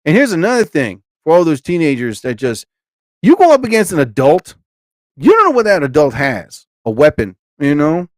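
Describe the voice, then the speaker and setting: A man's voice: on the high side, huge pitch swings, normal speed, no echo. A man in his forties hosting a live stream, ranting in a blunt, emphatic way and stopping to greet viewers in the chat.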